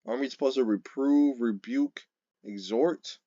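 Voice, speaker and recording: A man giving an informal sermon, reading scripture verses slowly and then driving points home emphatically with frequent "okay?" and "right?". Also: medium pitch, dark tone, dry recording, lo-fi sound. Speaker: street-style scripture teacher.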